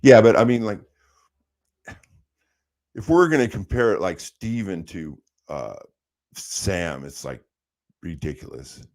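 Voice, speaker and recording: A man's voice: low voice, animated, slow pace, long pauses, a little mellow. A man chatting casually as a podcast host, laid-back and profane, dropping "dude" and "bro" often. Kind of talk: casual chat.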